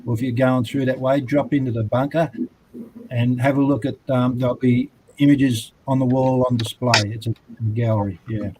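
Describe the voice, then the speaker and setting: A man's voice: mid-range voice, fairly even intonation, normal speed, a little mellow, a little hiss or hum, poor audio. An Australian man hosting a casual chat about comics, rambling and laid-back with plenty of fillers. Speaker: host.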